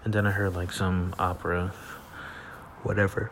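A man's voice: sits low, flat delivery, normal speed, noisy background. A man hosting a casual solo podcast at night, rambling in a laid-back way with fillers and frequent laughs, sleepy and yawning. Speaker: podcast host. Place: at home at night.

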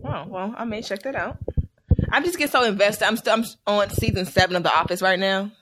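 A man hosting a casual podcast, an animated storyteller who laughs often. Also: high voice, fairly quick, slight background noise. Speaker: podcast host.

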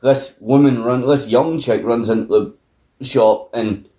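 A Scottish man co-hosting a film review podcast, retelling scenes in an animated, sweary way. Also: medium pitch, unhurried. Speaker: podcast co-host. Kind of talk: casual film review chat. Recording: roomy echo.

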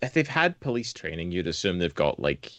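Sweary podcaster, low dry voice. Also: male voice, very animated, fairly quick, fairly bright tone, no room sound. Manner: sweary, acts out scenes in silly voices. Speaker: podcast co-host. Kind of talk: casual film chat.

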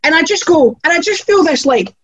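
Lively woman telling wild stories. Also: fairly quick, poor audio. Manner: lively, acts out quotes with big pitch jumps. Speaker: wrestler guest. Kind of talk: animated storytelling chat.

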